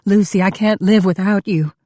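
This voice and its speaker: Woman voicing a married man, deep drawl, pleading, low, mellow. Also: measured pace, husky, no room sound. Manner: persuasive, pleading.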